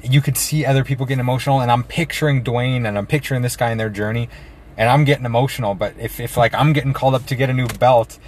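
A man's voice: medium pitch, fairly even intonation, fast, a little hiss or hum. A young man co-hosting a podcast, talking things through in a thoughtful, hedging, casual way. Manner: thoughtful, hedging, says man and you know a lot. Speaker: podcast co-host. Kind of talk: casual chat.

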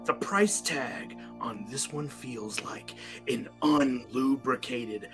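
A man reading a crude listener comment aloud in a slow, put-on seductive voice. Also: medium pitch, music in the background, pitched below the performer's own voice. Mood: mock-seductive.

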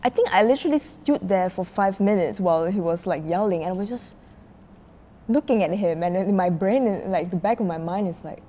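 A woman's voice: mid-range voice, fairly quick. A woman guest on a podcast telling a story animatedly in casual talk, peppered with "like" and laughter. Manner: animated retelling, heavy filler "like", frequent laughter.

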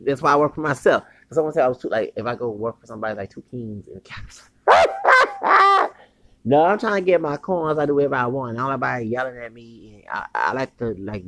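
Brash, gravelly-voiced man ranting. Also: mid-range voice, no room sound. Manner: brash, boastful and combative, with frequent restarts; profane slang and swaggering taunts. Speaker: podcast host. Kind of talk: unscripted monologue rant.

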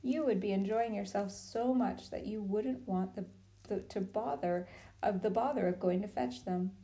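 A woman's voice: mid-range voice, normal speed, warm tone, lightly acted. Woman reading as a sly, coaxing witch queen. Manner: smooth and persuasive.

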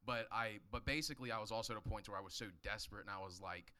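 A man telling a story casually and quickly, retelling his own words. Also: lowish voice, sharp tone, clear, resonant tone.

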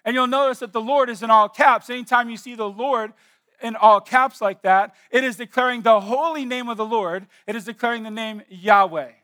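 A man preaching a sermon from a church stage, moving between hushed, slow emphasis and loud declarations, repeating key words deliberately. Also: very high-pitched. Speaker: pastor.

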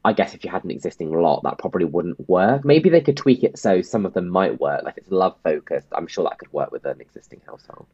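A man's voice: low voice, very animated, fast talker, few pauses, a little mellow, husky, no room sound. A man co-hosting a casual podcast, rambling and hesitant with lots of ums, laughing often. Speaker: podcast co-host. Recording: dull, dry lo-fi sound.

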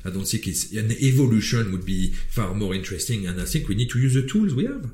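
A man's voice: fairly low pitch, fast. A man from France with a French accent, talking in a casual, opinionated way, swearing freely and restarting his sentences. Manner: animated, swearing, wandering restarts. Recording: roomy echo.

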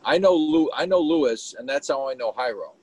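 A man's voice: mid-range voice, expressive, moderate pace, husky, no echo, poor audio. A man hosting a casual video chat, earnest and rambling as he searches for words.

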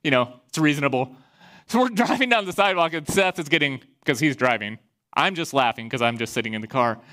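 A pastor from Iowa, a man giving a sermon and telling a personal story in a lively way, acting out the voices he quotes. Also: mid-range voice, a little fast. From Iowa, USA.

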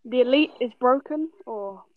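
A woman's voice: on the high side, normal speed, noisy background. A woman giving hesitant, chatty opinions over an online call. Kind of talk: casual chat. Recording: dull lo-fi call audio.

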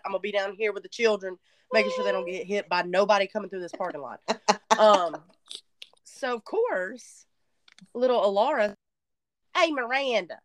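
Animated woman telling a story. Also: mid-range voice. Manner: animated storyteller, drawling, self-mocking. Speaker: podcast co-host. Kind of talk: casual chat.

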